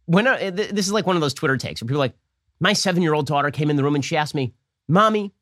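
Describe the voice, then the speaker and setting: A man with a slightly high, somewhat bright voice hosts a political commentary show, recorded with clean studio sound and no room sound. His monologue is sarcastic, mocking, and rapid-fire.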